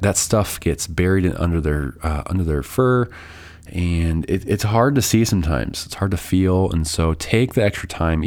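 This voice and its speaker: Host type: young adult man, deep voice, congested from a cold, loose chatty podcast delivery full of ums and restarts. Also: a little mellow. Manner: rambling, many fillers and restarts. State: stuffy from a summer cold. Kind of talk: casual solo podcast intro.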